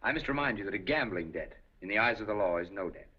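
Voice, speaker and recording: An actor playing a penniless gentleman gambler in a 1930s film, polite but flustered and protesting. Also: lowish voice, expressive, fast talker, husky. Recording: dull 1930s film soundtrack.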